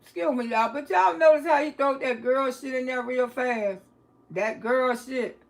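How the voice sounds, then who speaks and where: A woman's voice: sits high, normal speed, vocal fry. A woman commenting on a livestream, blunt and profane, talking straight to her viewers.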